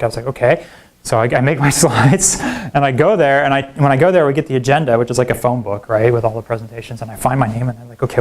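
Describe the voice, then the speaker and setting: A middle-aged man, a professor, giving a public lecture full of self-deprecating stories and asides like "right?". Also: mid-range voice. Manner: animated storyteller, self-deprecating, frequent "right?" and "like". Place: university lecture hall.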